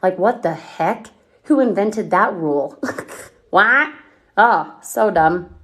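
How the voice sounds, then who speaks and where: A woman coaching on a livestream, talking energetically and firing off questions at her viewers as she reads their comments. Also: lowish voice. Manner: energetic, chatty, asks rapid questions. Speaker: online business coach.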